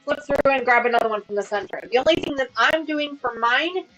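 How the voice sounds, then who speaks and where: A woman in her thirties hosts a casual sewing livestream from home, chatting upbeat as she explains her work. Her voice sits high and moves briskly. Music plays in the background of the low-quality recording.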